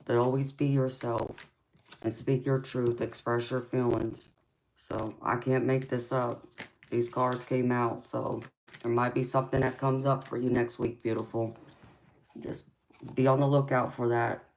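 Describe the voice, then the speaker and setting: Woman tarot reader, live-stream chat, affectionate pet names, soft-spoken, slight background noise. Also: rumbling low, flat delivery, a little slow, rough recording. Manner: affectionate, calls viewers sweetheart and honey.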